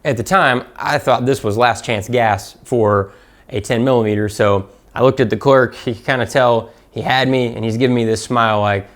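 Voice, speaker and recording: A man's voice: mid-range voice, moderate pace. A man with a Southern American accent giving a comedic, profane, self-mocking gun review.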